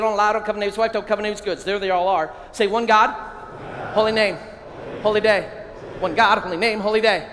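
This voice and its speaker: A middle-aged priest giving a lively keynote talk to a crowd of men, calling out phrases for them to repeat. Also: male voice, high voice. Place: large hall. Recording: long hall reverb, faint ambient noise.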